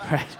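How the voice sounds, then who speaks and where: A man telling a comic anecdote as a guest on a convention panel, acting out voices and laughing as he goes. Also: in a large hall. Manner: animated storyteller, acts out voices, laughs mid-story. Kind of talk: comic anecdote to a live audience.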